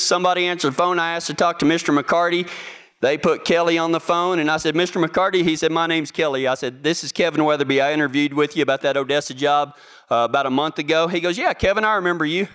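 A man's voice: on the high side, fairly even intonation, quick pace, fairly bright tone, clean tone. A young man telling a casual, self-amused story and acting out the other people in it. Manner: folksy, self-amused, acts out the voices in his anecdote.

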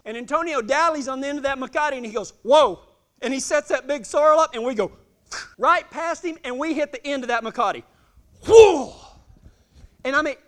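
A man telling a self-deprecating, humorous story in a sermon, animated and laughing often. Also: very high voice.

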